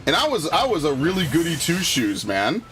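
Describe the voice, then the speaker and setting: A fairly high-pitched, slightly bright voice with huge pitch swings belongs to a gaming streamer talking briskly over soft background music. He chats casually and rants in heated, profane bursts, restarting frequently.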